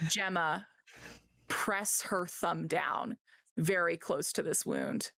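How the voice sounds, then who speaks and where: A woman's voice: lowish voice, takes it slowly, a bit bright, no echo. A woman game master narrating a tabletop scene in a loose, rambling way with many fillers.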